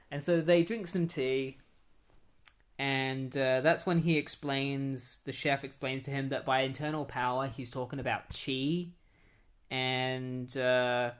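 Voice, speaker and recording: A man's voice: mid-range voice, steady tone. Rambling man recapping a comic. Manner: rambling, many fillers, retells dialogue in quick asides. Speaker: podcast host. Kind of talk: casual comic book recap.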